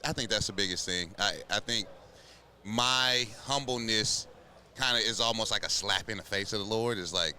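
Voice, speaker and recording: A man from Houston hosting a podcast, speaking reflectively in a soft-spoken casual interview. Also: lowish voice, moderate pace, slight background noise. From Houston, Texas. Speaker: podcast host.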